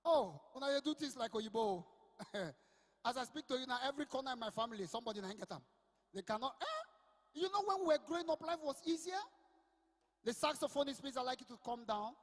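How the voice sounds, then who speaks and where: A young Nigerian man with a Port Harcourt Pidgin accent works the crowd as a live comedian and MC. His voice sits high and carries a long reverb tail from the PA system. He tells loud, punchy stories that slide between English and Pidgin. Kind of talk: live stand-up at an event. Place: outdoor sports event over a PA.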